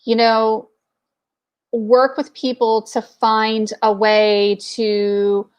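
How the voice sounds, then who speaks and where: A woman's voice: a little high, level tone, extremely slow, smooth, lo-fi sound. A woman in her forties telling a candid personal story in casual talk, with plenty of fillers. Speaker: entrepreneur network speaker.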